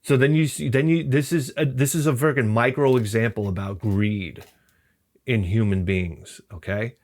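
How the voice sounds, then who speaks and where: A middle-aged channel host tells rambling, profane comic stories, acting out quoted people in other voices. His mid-range voice is steady and a little mellow, at a moderate pace.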